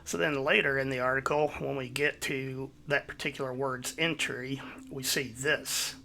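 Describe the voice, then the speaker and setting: A man hosting his own video, giving a measured, explanatory voice-over. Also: medium pitch, steady tone, creaky, sharp tone. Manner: measured, explanatory, citing sources. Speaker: YouTube host.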